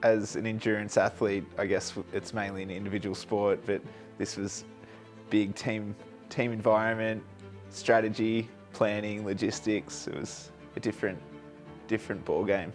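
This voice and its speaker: An endurance runner speaking in short, clipped phrases in a casual interview. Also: male voice, fairly low pitch, flat delivery, normal speed, soft background music.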